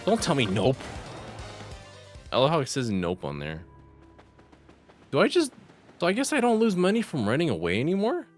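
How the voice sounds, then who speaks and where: A man's voice: fairly high pitch, huge pitch swings, normal speed, long pauses, faint music behind. A man commenting casually while streaming a game, chatty and reacting to chat. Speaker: gaming streamer.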